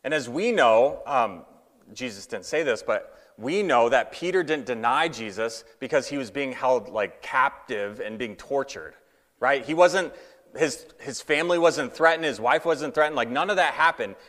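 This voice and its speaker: A man's voice: mid-range voice, animated, normal speed, fairly bright tone, long reverb tail. A man preaching a casual sermon in a conversational way, with many fillers, acting out the quotes he tells.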